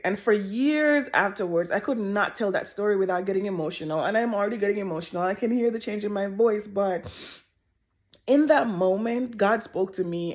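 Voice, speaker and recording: Candid woman telling a personal story. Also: mid-range voice. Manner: candid and emotional, with casual slang and frequent pauses. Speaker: vlogger.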